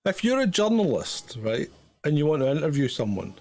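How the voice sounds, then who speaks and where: A middle-aged man co-hosting a live stream, blunt and teasing with plenty of swearing. His voice is husky and sits a touch high. He talks plainly and calls things as he sees them. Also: very animated, brisk, darkish tone. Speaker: co-host. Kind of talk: casual live-stream chat.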